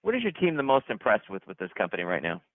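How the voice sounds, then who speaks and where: A man hosting a company conference call, hyped and chatty, repeating himself and restarting sentences as he gives shout-outs. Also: fairly low pitch, wildly swooping pitch, fast talker, dry recording. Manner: hyped, repetitive, stumbling restarts. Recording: tinny dry phone line.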